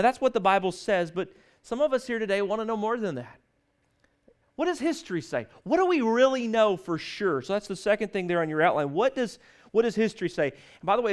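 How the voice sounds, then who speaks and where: A man preaching a sermon, stressing scripture lines slowly and leading the congregation to repeat after him. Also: high voice. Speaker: pastor.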